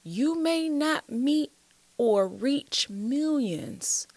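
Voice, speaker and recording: Black woman poet talking on a chat show, uplifting and sing-song, pitch all over, bit of fry. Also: extremely slow, no echo. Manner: animated, uplifting, preacher-like cadence. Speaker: guest, spoken word poet. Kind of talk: casual interview talk.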